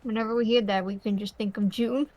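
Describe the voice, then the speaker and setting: A woman's voice: mid-range voice, steady tone, fast, a little mellow. A woman joining a stream, bantering casually and teasing her friend. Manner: playful, teasing. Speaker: co-streamer guest.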